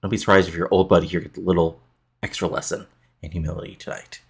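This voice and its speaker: A man's voice: low voice, steady tone, quick pace, gravelly, breathy edge, exaggerated voice. A man doing a spiteful woman wrestler. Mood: taunting. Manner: taunting.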